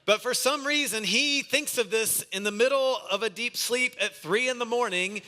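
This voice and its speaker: A man's voice: very high voice, moderate pace, sharp tone. A man in his thirties, a pastor preaching a sermon, earnest and mixing in a humorous family story.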